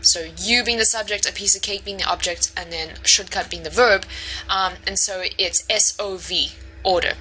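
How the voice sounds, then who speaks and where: A woman's voice: medium pitch, moderate pace, bright, forceful tone, soft background music, low-quality recording. A woman instructor giving a recorded online lecture, explaining step by step with frequent ums and restarts. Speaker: university instructor.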